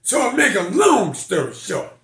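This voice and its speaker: A man's voice: high-pitched, wildly swooping pitch, normal speed, fairly bright tone, roomy sound. An older man, a military veteran, telling personal stories in a folksy, emotional way. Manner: folksy, emotional storytelling with quoted voices. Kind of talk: personal storytelling.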